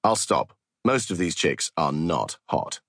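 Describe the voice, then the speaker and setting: A man's voice: low-pitched, very animated, a little slow, gravelly, fairly bright tone, dry recording, clean studio sound, exaggerated voice. A man reading an audiobook, voicing a brash, crude young male podcast co-host. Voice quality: brash, boastful.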